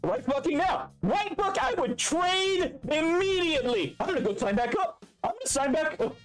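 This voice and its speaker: A man voicing an exasperated male teacher who used to be a soldier, ranting in a raised, high voice. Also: lively intonation, moderate pace, faint music behind.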